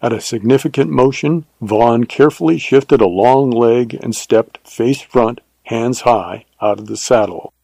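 Man, audiobook narrator, measured, steady, gravelly, mid pitch, dry. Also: no room sound, rough recording.

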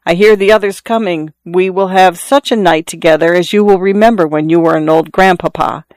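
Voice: mid-range voice, steady tone, brisk, a little mellow, dry recording, natural voice. A narrator plays a big, burly sailor in a storybook reading. He coaxes and wheedles with a possessive insistence. The recording is dry and close. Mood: coaxing. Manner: coaxing, wheedling.

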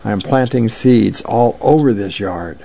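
A man's voice: lowish voice, unhurried, gravelly, mellow, slightly rough, lo-fi sound, heavily acted. A man voicing a bossy, confident little girl in a read-aloud comic strip.

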